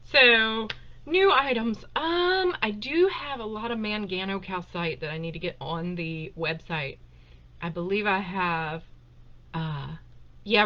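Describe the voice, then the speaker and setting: A woman with a lowish voice runs a live Q&A stream indoors at home, talking in a casual, emotional way with lots of laughter and filler words. Her desktop webcam gives the audio a lo-fi quality.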